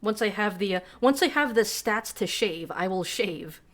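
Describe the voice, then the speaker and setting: A woman's voice: medium pitch, lively intonation, normal speed, a bit bright. A woman streamer giving casual, profane, self-deprecating commentary while reading game text aloud.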